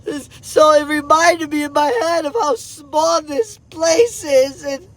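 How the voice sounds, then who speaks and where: Man, high-pitched, crying, halting speech, repeats words, self-blaming, confessional vlog. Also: poor audio. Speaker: father speaking to his sons.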